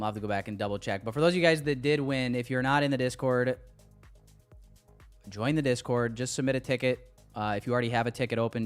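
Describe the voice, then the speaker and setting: A man hosting a casual livestream, bantering excitedly with his chat and running giveaways. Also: mid-range voice, clean tone.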